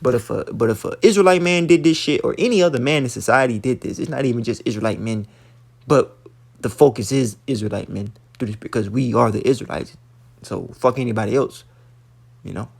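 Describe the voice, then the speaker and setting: A man with a mid-range, slightly mellow voice talks a little fast, with vocal fry and a breathy edge. Reading news as an online commentator, he rants bluntly and emphatically, swearing often, stumbling over repeated words, and preaching from scripture.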